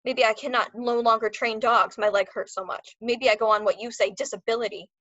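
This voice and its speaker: A furious German-accented dog trainer man, loud and raised in pitch, spitting broken English, as a woman reads him aloud. The sound is dry and a little muffled. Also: steady tone, brisk, no room sound. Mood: scheming.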